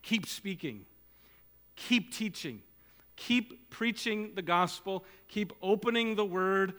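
A man's voice: sits high, animated, takes it slowly, a bit bright. A man preaching a sermon as pastor, urging his listeners on with earnest, repeated exhortations. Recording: long hall reverb.

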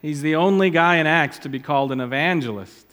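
Conversational pastor preaching in an echoing hall. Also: male voice, a little high, brisk, fairly bright tone. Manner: conversational, digressive, trails off into asides. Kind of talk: sermon.

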